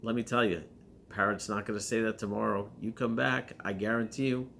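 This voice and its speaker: A man doing a gruff street parrot owner. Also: lowish voice, steady tone, a little fast, fairly bright tone, slight background noise. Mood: reassuring. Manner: blunt, reassuring.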